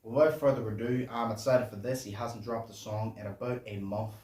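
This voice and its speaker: A man hosting a reaction channel, chatting casually and profanely in a low voice while he explains song lyrics. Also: fairly even intonation, fairly quick, a little mellow. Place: home room at night. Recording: echoey room, distant mic, faint noise.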